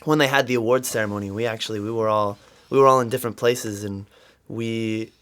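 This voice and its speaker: A man in a band giving a relaxed, easygoing answer in an interview, thinking aloud as he goes. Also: fairly low pitch, brisk. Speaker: band member.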